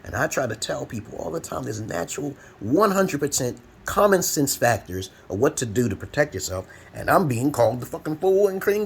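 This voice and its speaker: A man's voice: medium pitch, big pitch swings, brisk, gravelly, few pauses, slight background noise. A man in his forties from Brooklyn, New York, giving rambling advice in a blunt, profane, preachy monologue at home. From Brooklyn, New York, USA. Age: 40s. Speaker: advice vlogger. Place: home room. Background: fan running.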